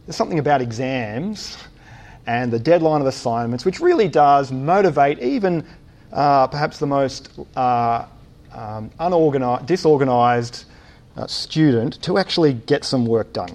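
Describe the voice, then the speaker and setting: A man's voice: medium pitch, animated, normal speed, darkish tone. A man preaching a sermon in a church, thinking aloud with many uh's and restarts and posing rhetorical questions.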